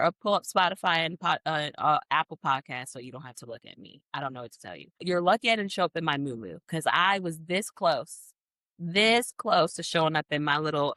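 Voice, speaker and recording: A woman's voice: deep voice, sharp tone, no echo. A woman in her twenties hosting a solo podcast, chatting in a rambling, self-mocking way into a podcast mic. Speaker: podcast host. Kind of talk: casual solo podcast chat. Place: podcast studio, on camera.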